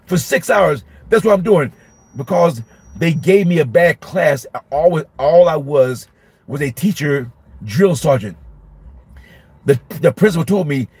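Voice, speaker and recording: A middle-aged male minister giving an informal Bible study, emphatic and repetitive, sometimes acting out shouting at a class. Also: a little high, lively intonation, normal speed, vocal fry, husky, dry recording. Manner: emphatic, repeats phrases, acts out shouting at a class.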